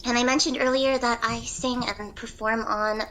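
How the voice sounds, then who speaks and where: A woman's voice: fairly high pitch, fairly even intonation, moderate pace, a bit bright, poor audio. A bubbly, giggly woman chatting as a guest on a voice call, with her morning voice. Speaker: VTuber idol singer, guest. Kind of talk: casual chat.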